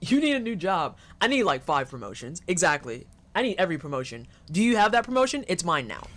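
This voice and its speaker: During a live horror-game session, a fast-talking streamer with a mid-range voice narrates the action. The commentary is lively, joking and profane.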